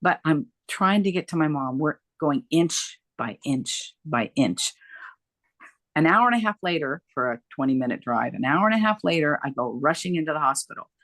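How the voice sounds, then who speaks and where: A middle-aged woman, a guest on an interview, telling her story in a lively, emphatic way and repeating phrases for effect. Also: low voice, normal speed, no echo. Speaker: guest, dementia care coach.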